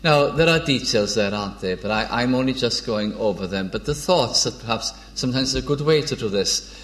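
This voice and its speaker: A man preaching an informal sermon. He is unhurried, pauses often and restarts his phrases, and reads old biblical verses in a measured tone. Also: mid-range voice, animated, a bit bright. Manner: unhurried, with frequent hesitations and restarts.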